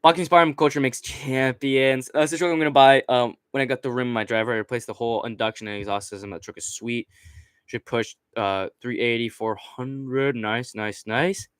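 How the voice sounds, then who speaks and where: The young host speaks fairly quickly in a medium-pitched, steady voice that's clear and resonant, with no room sound. During his casual late-night stream at the computer, he rambles and swears with many fillers into a desk mic right in front of him.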